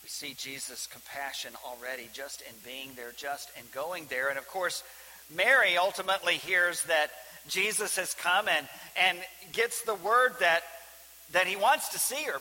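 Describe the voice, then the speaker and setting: A man preaching a sermon as pastor, swinging from loud emphasis to hushed, near-whispered lines. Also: high voice. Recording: reverberant hall with faint hiss.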